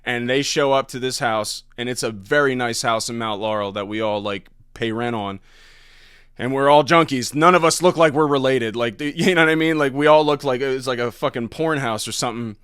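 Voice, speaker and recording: A man's voice: mid-range voice, a little fast, a bit bright, clean tone, no room sound, clean studio sound. A man who does stand-up, telling a story as a podcast guest in a laid-back, profane way. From Ohio. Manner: laid-back, profane, laughs between lines. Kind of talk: casual storytelling.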